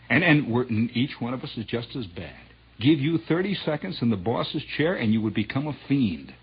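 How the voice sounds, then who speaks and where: A man's voice: mid-range voice, lively intonation, normal speed, breathy edge. A male radio disc jockey giving a wry, sardonic, rambling on-air monologue. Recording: muffled old radio broadcast.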